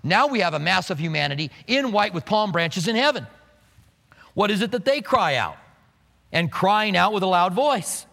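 A man preaching a sermon in an animated way, acting out the scenes he describes. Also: high-pitched, normal speed, gravelly, long reverb tail. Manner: animated, acts out scenes with quoted voices. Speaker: pastor.

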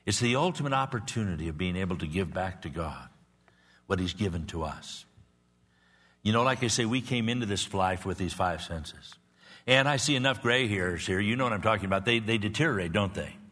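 A man's voice: deep voice, animated, a little fast, fairly bright tone. A man in his sixties preaching a sermon in an earnest, repetitive way, building to emphatic peaks. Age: 60s. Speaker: pastor. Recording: long reverb of a large hall.

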